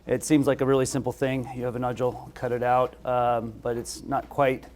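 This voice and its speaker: A man who is a surgeon, giving a relaxed, conversational medical lecture with frequent hesitations. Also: medium pitch, a little fast, slight background noise.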